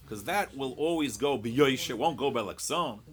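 A man's voice: mid-range voice, expressive, moderate pace. A man teaching a Talmud lecture. He mixes English with Hebrew and Aramaic study terms and thinks aloud in rhetorical questions, often repeating words.

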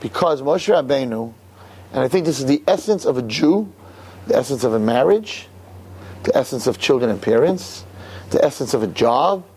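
A man teaching a Torah class, emphatic and animated, repeating words and firing off rhetorical questions. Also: mid-range voice, moderate pace, slight background noise.

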